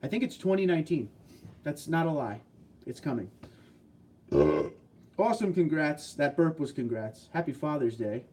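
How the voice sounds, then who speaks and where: A man's voice: a little high, animated, fairly quick, warm tone, husky. A man hosting a casual livestream, reading out chat messages in a laid-back way, tired from little sleep but upbeat and chuckling often. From New Jersey, US. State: short on sleep.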